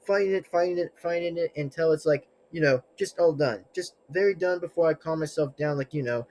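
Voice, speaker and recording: A man with a high-pitched voice rants casually to his viewers. He sounds agitated and defensive, and his sentences ramble and loop back with fillers and restarts. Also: brisk, darkish tone, poor audio. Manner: rambling, restarts, many fillers and tangled phrasing. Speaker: channel owner. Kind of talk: casual vlog rant to camera.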